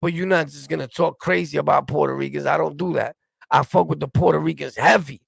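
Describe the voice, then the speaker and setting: A man's voice: a little high, fairly even intonation, fairly quick, no room sound. A middle-aged man from New York with a New York accent, ranting bluntly and profanely at his livestream chat. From New York City. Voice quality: gravelly. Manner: blunt, confrontational, profane, repeats "you get it?". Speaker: streamer reacting and answering live chat. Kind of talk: heated livestream rant.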